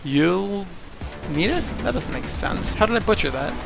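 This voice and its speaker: A man commentates a gaming tournament stream in a loose, jokey, rambling way. His voice is fairly high and gravelly with fry, and faint music plays underneath. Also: animated, normal speed. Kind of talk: casual livestream commentary.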